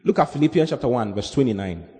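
A man's voice: mid-range voice, lively intonation, quick pace, warm tone. Man preaching with call-and-response. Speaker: pastor. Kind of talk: sermon. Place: church hall. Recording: long hall reverb with faint music.

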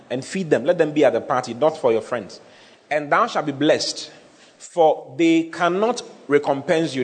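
A man preaching a teaching sermon, repeating key phrases and checking that his listeners follow. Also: medium pitch. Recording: long hall reverb.

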